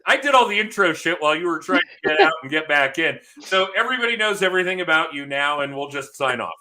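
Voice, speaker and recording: A man's voice: fairly high pitch, lively intonation, fast, pushed and bright. A man hosting a podcast over a video call, talking in a loose, jokey, chatty way and laughing often. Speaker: podcast host and sales coach. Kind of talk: casual chat.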